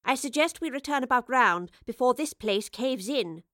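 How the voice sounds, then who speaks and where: A woman voicing a calm, wry older female professor in an audiobook reading, measured and dry. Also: high voice, dry recording.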